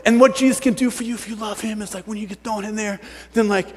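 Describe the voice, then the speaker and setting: A youth pastor preaching a sermon, telling stories with animated swings from shouts to hushed words. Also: male voice, high voice, fast talker, breathy edge, big-room sound. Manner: animated storytelling, bursts of shouting, then hushed. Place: church sanctuary.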